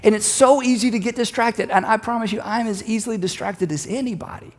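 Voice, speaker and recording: Brisk and conversational, a middle-aged man with a fairly high voice gives a sermon as pastor, storytelling loosely and pressing hard on key lines he repeats. His words ring out with the long reverb of a big auditorium.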